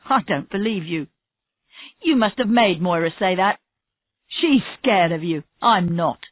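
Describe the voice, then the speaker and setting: Stubborn male murder suspect under questioning, read by a woman; slow, low-ish, dry tinny audio. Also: lively intonation, no echo. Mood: defensive. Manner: stubborn denials, rising to angry shouts. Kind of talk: reading a graded story aloud.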